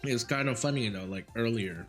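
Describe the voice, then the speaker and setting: A young man with a Vietnamese accent, speaking English as a second language, streams and tells a rambling story in casual chat, full of fillers and restarts. His voice is medium-pitched and a little fast, with faint music in the background.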